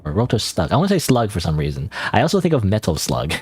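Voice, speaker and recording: Low, lively rambling male streamer. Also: fast talker, slight background noise. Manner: rambling, hesitant, thinking aloud with many restarts. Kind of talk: casual gameplay commentary.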